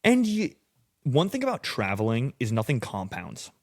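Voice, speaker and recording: A man's voice: mid-range voice, wildly swooping pitch, normal speed, no room sound, studio quality. A man as a podcast guest, telling stories loosely and casually, swearing a lot and acting out what people said. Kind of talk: casual storytelling.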